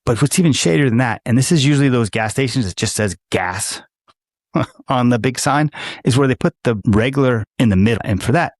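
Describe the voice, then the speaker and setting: A man's voice: mid-range voice, animated, brisk, no echo, clean studio sound. A man co-hosting a podcast, telling rambling jokey stories in casual chat, from the United States. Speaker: podcast co-host.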